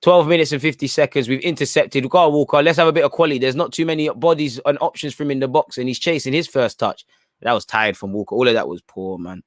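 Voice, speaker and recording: A man at a middle pitch talks through a live football match in a casual, opinionated way. He reacts to the play and to his viewers, often ending phrases with "man." His voice is recorded dry and close, with little room sound. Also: fairly quick, dry recording. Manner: reads chat messages aloud and reacts. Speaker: football watchalong host.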